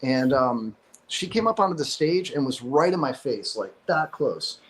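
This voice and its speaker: A man's voice: mid-range voice, expressive, moderate pace, low-quality recording. A man from Chicago, a comedian guest telling stories casually with lots of fillers and laughs. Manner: laughs often, many fillers. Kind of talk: casual storytelling.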